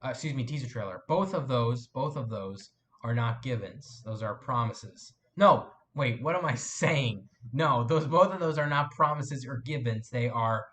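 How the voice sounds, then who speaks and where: A man's voice: mid-range voice, expressive, moderate pace, fairly bright tone. A young man hosting a live stream from his desk, chatting casually and reading viewer comments, rambling with fillers and self-corrections.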